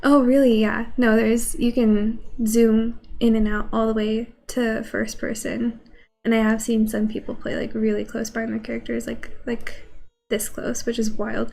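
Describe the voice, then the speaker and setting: A woman's voice: on the high side, gravelly, darkish tone. A woman game streamer with a scratchy voice from a cold, chatting casually and rambling to her viewers. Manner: chatty, rambling, greets chat. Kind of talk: casual chat while gaming.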